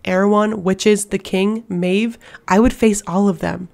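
A woman voicing a fierce, protective warrior man who speaks with intense pleading. Her voice has a gravelly edge. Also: mid-range voice, steady tone, normal speed, a little mellow, natural voice. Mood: anguished.

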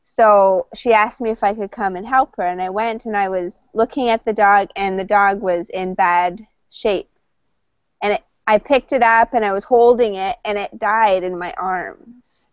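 A woman's voice: mid-range voice, steady tone, a little slow, clear, resonant tone, no echo. Canadian woman, conversation teacher, casual and filler-heavy, dull lo-fi call sound. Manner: chatty, with frequent fillers and restarts. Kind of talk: casual storytelling to a class.

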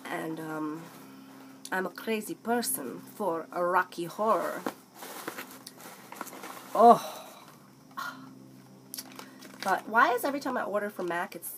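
A young woman chatting excitedly through a makeup haul, often breaking into snippets of song and playful put-on accents. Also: lowish voice, slow, long pauses, slight background noise, rough recording. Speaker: beauty vlogger. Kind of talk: casual makeup haul chat.

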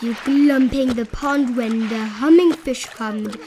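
A woman voicing a small, fussy old male forest creature who scolds and pleads in a high voice. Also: measured pace, warm tone, faint music behind, close to an everyday voice. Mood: scolding.

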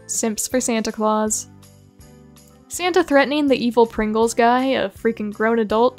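Deadpan woman narrating with a sardonic edge. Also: on the high side. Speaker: video narrator reading reviews. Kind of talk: comic narration of read-out reviews.

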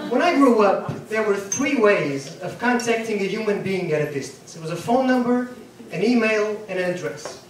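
A man performing a stand-up comedy set on a club stage, rattling off long deadpan lists. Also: sits high, a little hiss or hum. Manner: rapid deadpan list delivery. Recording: echoey club from far off. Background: laughing audience.

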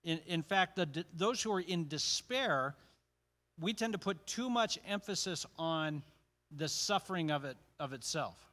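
A man's voice: fairly high pitch, expressive, a little slow, fairly bright tone. A man leading a church Bible study in a casual, conversational teaching style, with joking asides and frequent restarts.

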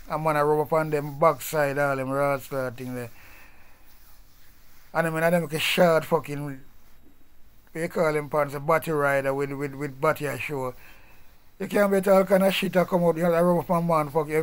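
A man's voice: fairly high pitch, clear, resonant tone. A man with a Jamaican accent delivering a blunt, profane ranting monologue in patois. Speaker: vlogger.

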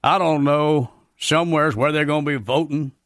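An actor playing a loudmouthed, folksy redneck commentator, ranting ungrammatically in a scripted radio comedy bit. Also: male voice, on the high side, steady tone, moderate pace, no room sound, clean studio sound, close to an everyday voice. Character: loudmouthed folksy redneck male commentator, middle-aged, grumpy.

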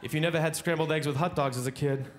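A man doing a stand-up comedy set on a club stage, animated and jumping into high-pitched acted voices, with a handheld stage mic. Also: quick pace. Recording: live club recording with audience noise. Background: audience laughter.

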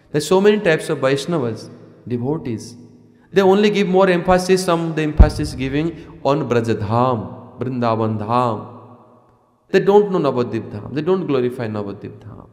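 Man lecturing in an echoey hall. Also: mid-range voice. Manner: repeats and asks rhetorical questions, chants verses. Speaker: spiritual teacher. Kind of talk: devotional lecture. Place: ashram hall.

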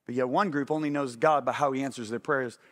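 A middle-aged man preaches a sermon in a medium-pitched voice at a quick pace. He's animated and keeps asking the congregation whether they follow him.

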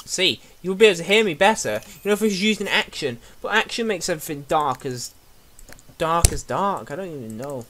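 A man's voice: a little high, expressive, fairly quick, a bit bright, slight background noise. A young man giving rambling, jokey let's play commentary and talking back to the game characters. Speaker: gamer.

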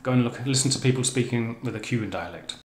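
A man talks through a lesson in a loose, chatty way, often correcting himself mid-word. His voice sits at an ordinary middle pitch. The room around him adds a clear echo. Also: fast talker, over loud music. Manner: chatty, self-correcting explanations. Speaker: language teacher. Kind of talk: educational explainer. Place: living on the Canary Islands.

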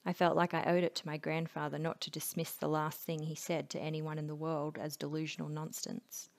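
Low, gravelly woman reading a novel aloud. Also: brisk. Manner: steady, low-key narration, dropping to a whisper in places. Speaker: audiobook reader.

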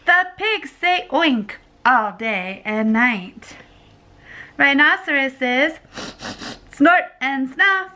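A woman's voice: sits high, very slow, pushed and bright. A woman, a mother, reading picture books aloud to her toddler in a playful sing-song voice with animal noises.

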